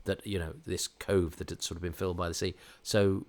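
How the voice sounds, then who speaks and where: A man with a crisp English RP accent talks over what he is watching, slightly low-pitched and unhurried. He ambles from point to point in a chatty, digressive way and often pokes fun at himself as host of the show. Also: level tone. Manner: chatty, digressive, self-mocking. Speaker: podcast host. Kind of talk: watch-along commentary.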